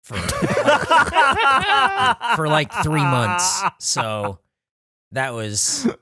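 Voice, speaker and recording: A man's voice: high-pitched, big pitch swings, very slow, sharp tone. A man telling an anecdote on a podcast in a sheepish, laughing way. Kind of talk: casual chat.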